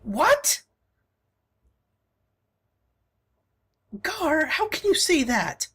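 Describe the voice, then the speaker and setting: Woman doing an earnest young companion, high and urgent, game dialogue read with swooping lines. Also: sing-song, normal speed, slightly rough, full character voice.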